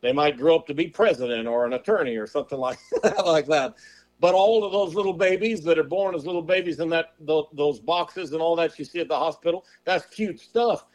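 A preacher with a fairly high male voice delivers a sermon, pressing his listeners with rhetorical questions. He talks in a folksy manner and drags out the words when he quotes scripture. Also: darkish tone. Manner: slows and drawls on scripture quotes; folksy turns of phrase.

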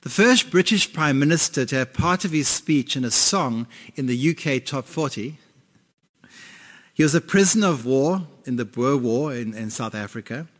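A man's voice: medium pitch, expressive, moderate pace. Guy preaching a sermon, talks to the crowd, asks them stuff, long hall echo. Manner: conversational preaching with questions to the congregation. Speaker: pastor.

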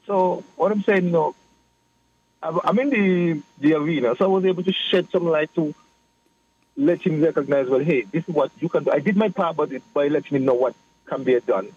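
A man, a political guest explaining his views in a measured way on a radio talk show. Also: fairly high pitch, darkish tone, slightly rough. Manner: measured, explanatory, repeats phrases. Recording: muffled radio broadcast with faint hiss.

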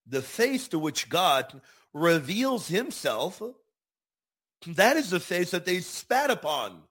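A man's voice: on the high side, lively intonation, slow, creaky. A man hosting a Catholic teaching show, speaking earnestly and emphatically, repeating key words for stress. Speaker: show host.

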